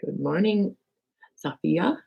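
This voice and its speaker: A crafting channel host talks viewers through a relaxed live demo, chatting, teasing herself and thinking aloud while she works. Her low, gravelly, slightly rough voice comes slowly through a muffled recording with constant background noise and clicks.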